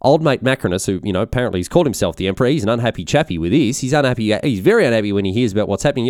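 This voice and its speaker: A man's voice: mid-range voice, animated, racing, few pauses, darkish tone, no echo, studio quality. A man narrating history in a comedic, irreverent, rambling way. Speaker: history storyteller.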